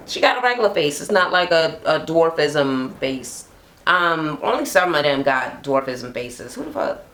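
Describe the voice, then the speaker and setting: A woman's voice: deep voice, fairly bright tone. Blunt, gossipy woman recapping TV. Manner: blunt, profane, gossipy, laughs often. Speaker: reality TV recap vlogger. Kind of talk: casual gossipy recap chat. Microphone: camera mic, talking to camera at home.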